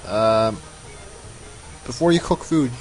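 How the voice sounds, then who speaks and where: A man's voice: medium pitch, lively intonation, takes it slowly, faint music behind, poor audio. A man giving casual, rambling commentary over his own gameplay, often mocking himself. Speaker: let's play host.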